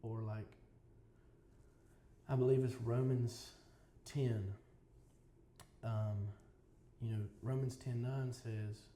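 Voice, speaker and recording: Man, podcast guest, earnest reflective storytelling, mellow voice, echoey room. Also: on the low side, little pitch movement, slow pace, pauses often, a little hiss or hum. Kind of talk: casual interview conversation. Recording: roomy echo with faint ambience.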